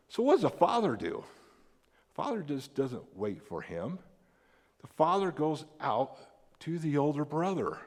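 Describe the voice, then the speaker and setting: An American man preaching a sermon as a pastor, animated and acting out the people in the story with big jumps in voice. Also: normal speed. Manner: animated, acts out quoted characters with big pitch jumps. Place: church sanctuary. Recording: long hall reverb.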